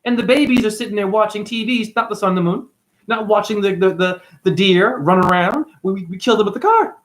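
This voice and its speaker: A man vlogging a rambling, profane spiritual rant, preaching with big swings in pitch. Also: a little fast, a bit bright.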